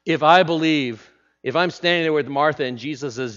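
A male pastor preaching a sermon, swinging between hushed, slow phrases and loud, emphatic declarations. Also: fairly high pitch. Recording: slightly dull lo-fi sound.

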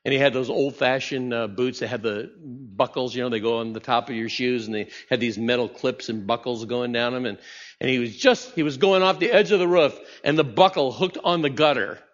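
A man's voice: mid-range voice, brisk. A man preaching a sermon as a pastor, talking conversationally and asking the congregation rhetorical questions. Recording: muffled sound in a reverberant hall.

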